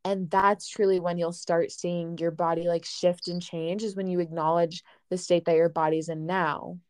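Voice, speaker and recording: Soft-spoken young woman podcast host. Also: lowish voice, level tone, moderate pace, smooth, no room sound, studio quality. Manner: gentle, reflective, uses "like" often. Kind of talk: casual podcast chat.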